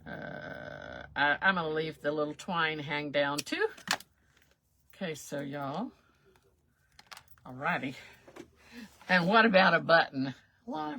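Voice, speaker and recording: A woman's voice: low-pitched, very animated, unhurried, creaky, pauses often, sharp tone, slightly rough. A woman, hosting a chatty crafting livestream and laughing at herself as she works. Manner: folksy, self-chuckling, talks while working.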